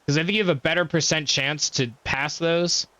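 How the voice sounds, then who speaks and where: A man's voice: a little high, steady tone, a little fast, pushed and bright, no echo. A young man casually commentating his own gameplay, swearing often and trash-talking enemies. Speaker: gaming streamer. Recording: faint background game music.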